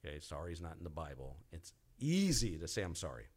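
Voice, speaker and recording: A male pastor delivers a conversational sermon straight to his congregation, repeating and restarting himself and acting out the pleas he quotes. His voice is low, husky and darkish, very animated and quick.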